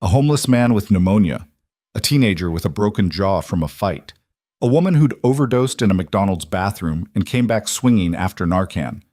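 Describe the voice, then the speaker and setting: A man narrating a dark crime story in a steady audiobook manner. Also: sits low, no echo, clean studio sound.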